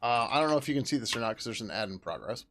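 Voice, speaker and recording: A middle-aged man talks loosely while he codes on a livestream, drifting between thoughts with fillers and the odd curse. His voice sits in a plain middle pitch. Faint music and keyboard clicks run under him. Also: animated, rapid-fire, fairly bright tone. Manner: rambling, casual, swears, hums to himself while working. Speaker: livestream host and software developer. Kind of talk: casual coding livestream chat.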